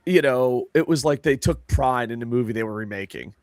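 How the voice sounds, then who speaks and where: A man giving a measured, thoughtful opinion in a casual podcast chat. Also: medium pitch, dry recording, studio quality.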